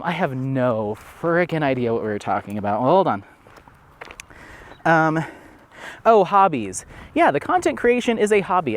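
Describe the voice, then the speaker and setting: Man, vlogger, rambling casual chat on a walk outdoors, filler-heavy, handheld camera. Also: mid-range voice. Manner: chatty, rambling with many fillers. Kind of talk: casual walking vlog. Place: outdoors at a dog park.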